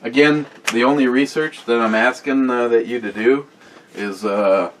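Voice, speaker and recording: A man's voice: mid-range voice, normal speed, a little hiss or hum. A man hosting a casual beer review vlog, rambling off the cuff with many fillers and reading viewer comments aloud.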